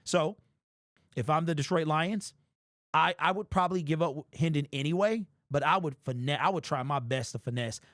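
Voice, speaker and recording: A man hosting a sports commentary channel, talking straight to his viewers in a casual, animated monologue and repeating his points. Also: on the high side, moderate pace, no room sound, studio quality. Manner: animated, repetitive, talks directly to viewers.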